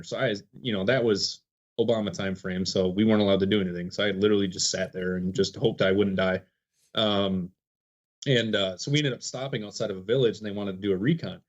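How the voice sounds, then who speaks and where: A man's voice: on the low side, fast talker, muffled recording. A man telling a long story on a podcast as a guest, acting out quotes and laughing often. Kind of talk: casual storytelling.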